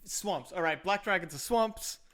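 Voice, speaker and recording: A man co-hosting a livestream in relaxed, amused casual chat. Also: high-pitched, normal speed.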